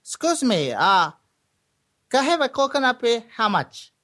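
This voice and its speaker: A man voicing a high-voiced, fussy male shopper who keeps asking prices politely. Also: very animated, normal speed, bright, forceful tone, full character voice. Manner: squeaky, polite, pleading.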